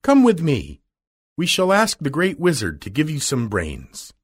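A curious, polite little girl from a storybook, put on by a male reader. The voice sits well above his own and carries a husky edge. Every line comes slow and careful, with big swoops of pitch. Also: wildly swooping pitch, full character voice. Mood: kind. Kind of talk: storybook reading.

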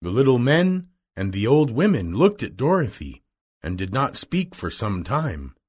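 A man's voice: fairly low pitch, wildly swooping pitch, unhurried, husky. A man narrating a children's storybook chapter aloud, reading expressively.

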